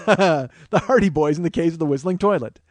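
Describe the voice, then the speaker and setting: A man's voice: fairly high pitch, a little fast, no room sound. A man hosting a comedy podcast, telling a long story with lots of swearing, laughing at his own jokes, into a studio microphone. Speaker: podcast host. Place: small studio, co-host close by.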